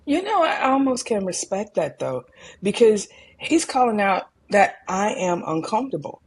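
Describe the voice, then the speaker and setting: A middle-aged woman, an emergency room doctor, telling stories from her work in a calm, candid way and livening up when she quotes people. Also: mid-range voice, moderate pace, husky. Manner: calm, candid, animated when quoting others. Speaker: ER physician guest. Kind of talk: conversational storytelling.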